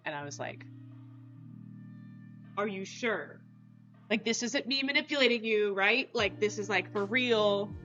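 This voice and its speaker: A woman with a bright, forward voice chats casually on her livestream, rambling with plenty of "like" fillers. Her audio sounds slightly muffled, with faint music behind her. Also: medium pitch, measured pace, pauses often. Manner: chatty, rambling, many "like" fillers; talks to her dog and chat viewers. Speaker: livestream host.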